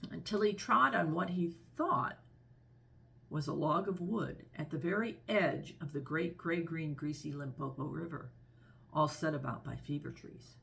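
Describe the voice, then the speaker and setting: A woman reading a children's story aloud with expressive, gentle storybook narration. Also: sits low, creaky.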